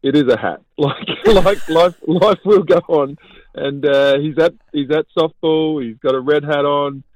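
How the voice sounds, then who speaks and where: A man in his forties calling in, relaxed and laughing off the complaints. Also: on the high side, unhurried, dry recording, low-quality recording. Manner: laid-back, laughing, unbothered. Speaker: caller on the phone.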